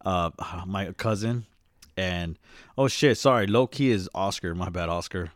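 A man's voice: sits low, measured pace, dry recording, clean studio sound. A young man co-hosting a casual podcast chat, joking loosely and swearing freely. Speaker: podcast co-host.

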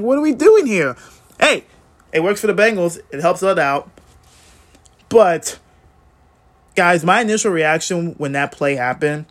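A man giving a casual, excitable game recap as a fan vlogger, swearing freely and swinging up and down in pitch. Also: no echo.

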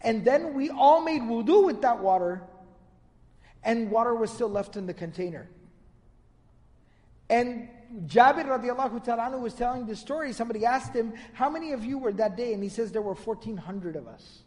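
High-voiced man lecturing in a reverberant hall. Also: expressive, normal speed, darkish tone. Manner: storytelling, quoting Arabic narrations. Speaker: Islamic lecturer. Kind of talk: religious lecture.

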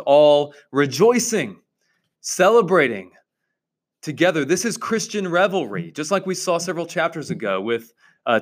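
A man's voice: mid-range voice, fairly bright tone. A man reading aloud from a novel and teaching on it with emphatic enthusiasm.

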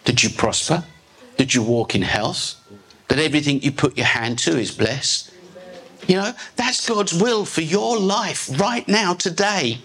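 A pastor preaches live to his church, a man with a fairly high voice and a bright, forceful edge. He drives each point home in emphatic, declarative sentences. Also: measured pace. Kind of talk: live sermon. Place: church service.

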